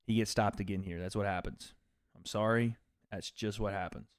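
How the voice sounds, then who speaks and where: A man's voice: on the low side, steady tone, moderate pace, no room sound, clean studio sound. A man from Tennessee hosting a livestream from a couch at home, chatting casually and profanely with his viewers and reading out their donations. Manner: laid-back and profane, reading out chat donations. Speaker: livestream host. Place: on a couch at home, without his usual setup.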